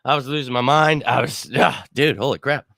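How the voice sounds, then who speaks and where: A man hosting a sports fan show, ranting bluntly and swearing after a loss, his throat hoarse from screaming. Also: medium pitch, moderate pace, a bit bright, no echo, studio quality. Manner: fired-up, blunt, swears, repeats himself. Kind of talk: casual postgame fan rant.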